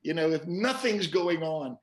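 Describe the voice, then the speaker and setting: Male pastor guest, slightly high voice, animated preacher-style storytelling in conversation. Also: a little slow, slight background noise. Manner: animated storyteller, repeats words while quoting scripture.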